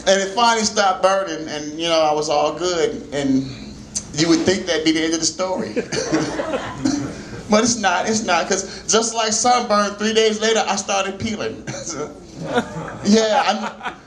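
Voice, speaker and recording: A man's voice: high voice, unhurried. Laughing man doing stand-up in an echoey club. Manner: loose, laughing storytelling with shouted bursts. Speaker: stand-up comedian. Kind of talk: stand-up comedy set. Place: small jazz club at an open mic.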